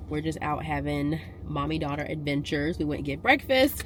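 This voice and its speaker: A woman vlogging as a busy mother, telling stories in a casual, animated and exasperated way. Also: low voice, normal speed, few pauses, slight background noise. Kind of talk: casual vlog chat.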